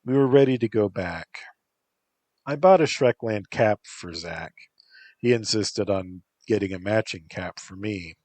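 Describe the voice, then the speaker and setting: Slow, low-voiced deadpan male narrator. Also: no room sound. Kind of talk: first-person story reading.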